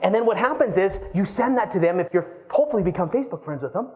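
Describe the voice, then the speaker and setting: A man in his thirties giving a live keynote talk, lively and playful, acting out quoted voices as he goes. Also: high voice, fast, muffled recording. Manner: animated, acts out quoted voices. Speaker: keynote speaker.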